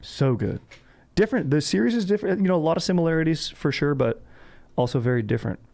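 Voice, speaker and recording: A man's voice: a little high, lively intonation, fast, vocal fry, a little mellow. A young man hosting a podcast in laid-back, slangy casual chat, peppering his talk with "dude". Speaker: podcast host.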